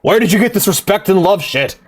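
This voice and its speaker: A fed-up, brutal Devil, as a man puts him on in a comedy rant, speaking in a high, strained, exasperated voice. He sounds incredulous and scornful, his pitch pushed well above an everyday voice. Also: animated, brisk, husky.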